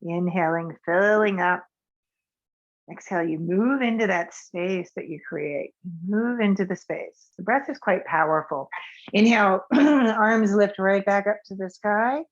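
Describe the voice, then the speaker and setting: A woman yoga instructor leading a guided breathing and movement practice in a soft, calm way, her voice trailing off quietly on the exhales. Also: mid-range voice, unhurried, dull audio.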